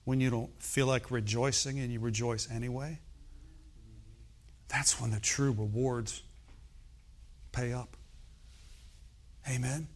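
A man's voice: mid-range voice, steady tone, takes it slowly, long pauses. A middle-aged man preaching a sermon in a conversational way, often checking in with "okay?" and "amen". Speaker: pastor.

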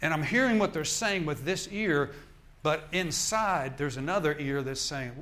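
A man's voice: fairly high pitch, lively intonation, normal speed, few pauses, fairly bright tone. A male minister preaching a sermon in an emphatic, repetitive style, often restarting his phrases.

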